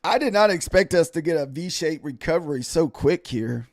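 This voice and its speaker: A man's voice: on the high side, expressive, normal speed, dry recording, studio quality. A tired man chatting casually on a live stream as he trades futures, rambling and thanking followers. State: tired, yawning.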